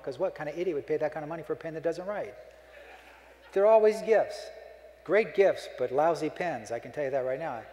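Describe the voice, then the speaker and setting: A man's voice: on the high side, warm tone. Folksy joking man in an echoey hall. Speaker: keynote speaker. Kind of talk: humorous keynote speech. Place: conference hall.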